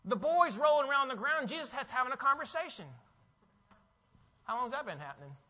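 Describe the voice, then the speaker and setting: A man preaching a sermon as pastor, animated and asking his listeners questions. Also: very high voice, fairly quick. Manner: animated, asks the audience questions. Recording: dull, with long hall reverb.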